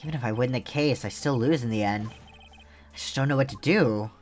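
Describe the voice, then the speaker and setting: A man's voice: medium pitch, moderate pace, soft background music, natural voice. A man voicing a troubled young male defense attorney, earnest and pleading, while reading game dialogue aloud. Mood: anguished.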